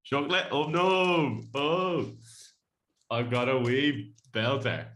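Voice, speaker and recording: A man's voice: medium pitch, lively intonation, slow pace, a bit bright. A man co-hosting a podcast in casual, joking chat, laughing often. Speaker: podcast co-host. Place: Bondi home.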